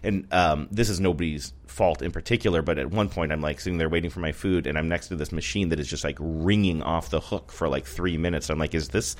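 A man's voice: extremely low pitch, a little fast, few pauses. A man co-hosting a podcast, chatting casually in a rambling, self-correcting way and laughing often. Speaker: podcast co-host. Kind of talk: casual chat. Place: North Seattle area.

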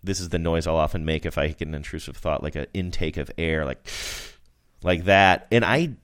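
A man's voice: a bass voice, a little fast, a bit bright, smooth. A man co-hosting a podcast, telling a rambling, self-deprecating story in casual chat. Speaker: podcast co-host.

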